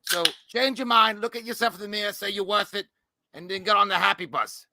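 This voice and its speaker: A man co-hosting a livestream, giving a loud, profane mock pep talk in casual chat. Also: high voice, fairly quick, creaky, no echo. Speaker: livestream co-host.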